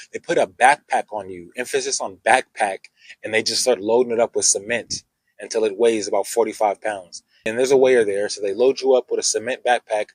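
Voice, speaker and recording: Brash, husky man telling a story. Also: mid-range voice, dry recording, low-quality recording. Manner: brash, swearing, animated retelling with acted quotes. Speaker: vlogger. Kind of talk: casual storytelling to camera.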